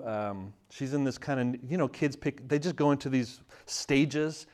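A man's voice: medium pitch, a little mellow. A man in his thirties from Canada, giving a casual church talk with a humorous, self-deprecating manner and sounding tired. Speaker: church speaker and magazine editor. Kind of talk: casual sermon talk with prayer.

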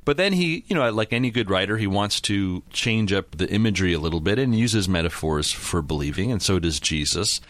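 A man in his forties co-hosting a casual Bible discussion, explaining his points in a measured way. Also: sits low, lively intonation, fairly bright tone, dry recording. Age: 40s. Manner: measured, explanatory, agrees often. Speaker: co-host.

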